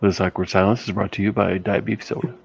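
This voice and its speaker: A man's voice: deep voice, level tone, fast talker, vocal fry, breathy edge, muffled recording. A man hosting a casual chat, joking, swearing and telling stories. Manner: joking, swears, tells anecdotes. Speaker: podcast host.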